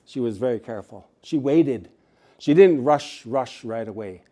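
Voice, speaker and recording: A middle-aged man telling a story at a community gathering, relaxed and humorous with jokey asides. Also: medium pitch, normal speed. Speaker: storyteller and speaker.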